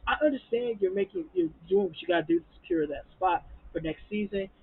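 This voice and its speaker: Profane, high-pitched reviewer on tinny audio. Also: male voice, wildly swooping pitch, a little fast, creaky, breathy edge. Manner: blunt, profane, heated ranting. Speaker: reality TV reviewer. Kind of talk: TV episode recap and review.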